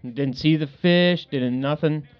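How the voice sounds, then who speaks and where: A man on a podcast telling a fishing story in casual talk, loud and swearing. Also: a little high, slow pace. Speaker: podcast co-host. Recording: dull lo-fi sound.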